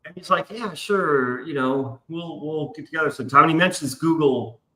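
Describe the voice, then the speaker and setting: A man hosts a casual live stream, swearing freely as he rambles through a long story. His voice is bright and forward. The room gives it a noticeable echo. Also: on the high side, normal speed. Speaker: stream host. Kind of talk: casual chat.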